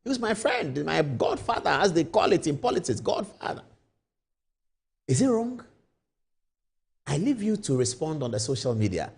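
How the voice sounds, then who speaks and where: A male host speaks in a fairly high voice that swoops widely up and down. He tells a made-up story and keeps throwing questions back at his audience. The delivery is expressive and rhetorical, in the style of live late-night TV commentary. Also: normal speed, gravelly, breathy edge. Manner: animated rhetorical storytelling, poses questions to viewers.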